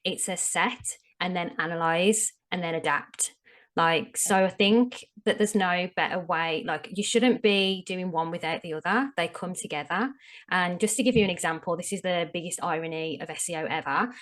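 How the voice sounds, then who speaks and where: Through a low-pitched, easygoing voice, a woman talks as an interview guest, laying out practical advice in a frank, chatty manner. She leans hard on her main warnings and keeps the explanations plain and friendly. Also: normal speed, a bit bright. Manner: frank, explanatory, emphatic on tips. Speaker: SEO strategist, podcast guest. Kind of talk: casual interview chat.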